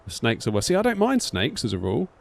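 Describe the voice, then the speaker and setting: A man's voice: mid-range voice, huge pitch swings, quick pace, creaky. A British man in his thirties chatting casually to a live-stream audience, rambling with lots of filler like "sort of". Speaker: flight sim streamer.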